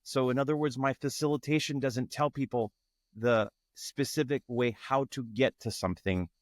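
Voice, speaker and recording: A man's voice: mid-range voice, steady tone, normal speed, no room sound, studio quality. A man speaking as a guest in an interview, earnest and searching, often restarting his phrases. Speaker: guest, tantra facilitator. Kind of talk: reflective interview talk.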